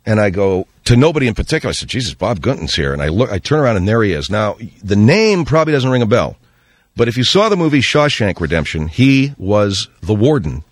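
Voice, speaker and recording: A middle-aged man hosting a radio show, telling an animated story and slipping into voices when he quotes people. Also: lowish voice, fast talker, no echo, studio quality. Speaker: radio host. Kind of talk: storytelling monologue on talk radio.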